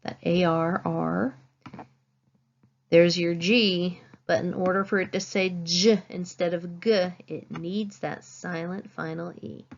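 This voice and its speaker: A woman teacher giving a phonics lesson, saying each word slowly and clearly and stressing it. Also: lowish voice, fairly even intonation, dull audio. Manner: slow, clear teacherly dictation, stressing words.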